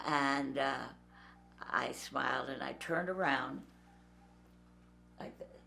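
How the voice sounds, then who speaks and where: Older woman, deep gravelly voice, slow unhurried telling, acts out voices, faint music behind. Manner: lively storyteller who acts out voices. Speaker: interviewee. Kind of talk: storytelling anecdote.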